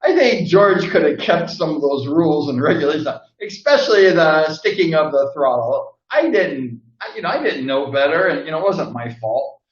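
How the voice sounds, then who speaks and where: A man's voice: a little high, lively intonation, normal speed, few pauses. An older man rambling through old stories in a casual monologue, laughing now and then and acting out the people he quotes. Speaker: host. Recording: roomy, distant, dull sound.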